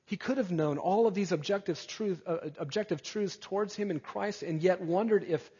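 A male preacher giving an earnest sermon, rising to emphatic peaks and dropping soft again. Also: sits high, moderate pace, hardly any pauses, slightly rough. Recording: dull sound with long hall reverb.

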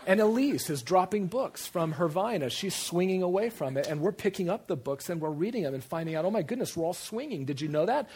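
A man preaching a sermon, animated, repeating phrases for emphasis and jumping into quoted voices. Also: on the high side, husky.

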